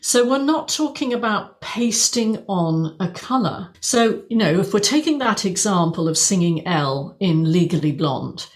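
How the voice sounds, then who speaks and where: A woman's voice: mid-range voice, animated, a little slow, few pauses. A woman co-hosting a casual panel discussion, agreeing often and murmuring along with the others. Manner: warm, affirming, many murmured agreements.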